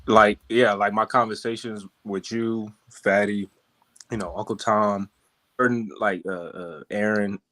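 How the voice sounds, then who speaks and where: A man on a podcast panel, arguing in an animated, defensive way with frequent restarts. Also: on the low side, unhurried. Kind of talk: heated panel debate.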